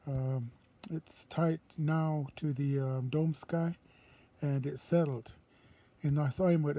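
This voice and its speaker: A man from the Sonoran Desert in southern Arizona, teaching culture and language in an informal spoken way. He pauses often and circles back, restarting his sentences as he goes. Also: on the high side, warm tone. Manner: halting, circling speech with many pauses and restarts.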